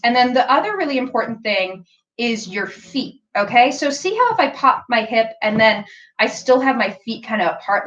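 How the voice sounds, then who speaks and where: On a muffled recording, a woman with a fairly high, somewhat bright voice runs a relaxed live stream as a sewing pattern designer. Her tutorial is talkative and full of "like" and "um," punctuated by playful little noises.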